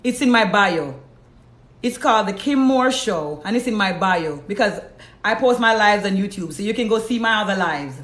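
A woman's voice: mid-range voice, animated, normal speed, fairly bright tone. A Jamaican woman hosting a live stream, preaching bluntly and reading out viewer comments. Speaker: host. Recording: roomy echo.

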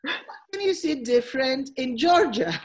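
A woman's voice: high-pitched, moderate pace. Upbeat woman teacher on a video call. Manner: lively, encouraging, instructive. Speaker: teacher trainer. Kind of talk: online webinar instruction.

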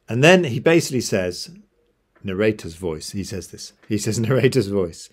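A man's voice: fairly low pitch, moderate pace. A man retelling a Bible story to a church in a casual, chatty way, with jokey asides and self-corrections.

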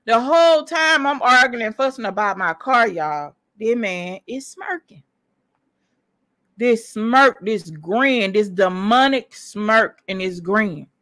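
A woman telling a personal story in an animated, emphatic way, speaking straight to her listeners. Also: fairly high pitch, takes it slowly. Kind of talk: casual storytelling monologue.

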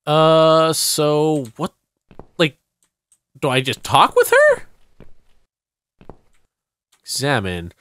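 A woman giving casual, wry commentary while playing a game, chatty and quick to swear. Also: low-pitched, huge pitch swings, smooth, no room sound. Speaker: let's play gamer. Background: game music.

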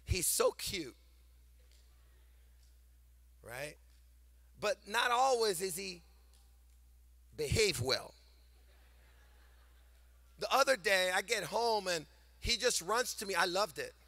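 An older man preaching a sermon to a congregation, animated and sing-song, swinging between loud emphasis and quiet storytelling. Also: high voice, takes it slowly, long pauses, no echo. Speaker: pastor. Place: church sanctuary before a congregation.

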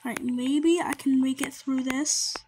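A woman giving casual gameplay commentary, chatty and excitable and easily startled. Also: high voice, a little slow, noisy background. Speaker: gamer.

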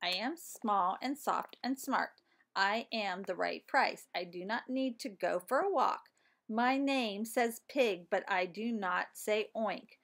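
A woman voicing a clever schoolgirl who slowly poses a riddle in a children's storybook reading. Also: mid-range voice, a bit bright. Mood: teasing.

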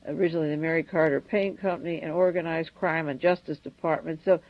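A woman's voice: low voice, fairly even intonation, quick pace, dry recording, dull audio. A woman hosting a solo radio commentary, speaking urgently and rattling off long lists of names and events. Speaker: radio host.

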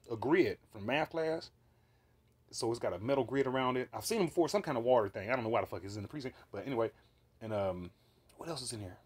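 A man recounting a vivid dream in a casual monologue, swearing freely and rambling with fillers and restarts. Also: mid-range voice. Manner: profane, animated, rambling with fillers.

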